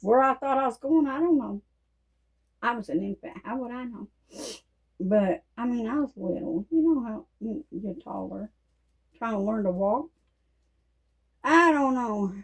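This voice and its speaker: A woman, telling folksy stories in a casual, animated way and laughing often. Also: a little high, a little slow, pauses often, lo-fi sound. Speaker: Christian vlogger. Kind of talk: casual storytelling monologue.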